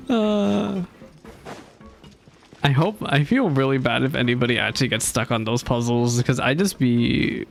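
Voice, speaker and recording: A man's voice: medium pitch, a little fast, gravelly, few pauses, a little hiss or hum. A man casually commenting while he plays a game, chatty, joking and easily flustered. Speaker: streamer reacting to a game.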